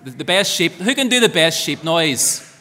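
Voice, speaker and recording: A man with a bright, forceful voice, somewhat high-pitched, leads a school assembly and keeps asking the children questions. His upbeat talk rings with a long echo from the large hall. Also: very animated, normal speed. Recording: echoey hall reverb.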